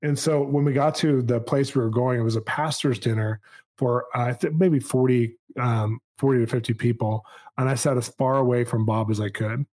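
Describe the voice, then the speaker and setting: Man spinning a lively personal anecdote. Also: medium pitch. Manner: animated, self-amused anecdotal telling with quick asides. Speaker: podcast host telling a personal story. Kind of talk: casual storytelling.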